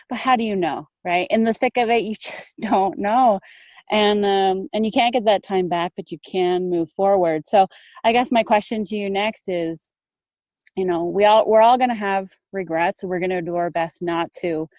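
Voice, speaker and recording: A woman's voice: mid-range voice, moderate pace, a little mellow, no echo. A woman hosting a podcast, asking empathetic questions in a conversational way. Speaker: podcast host. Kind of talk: conversational interview.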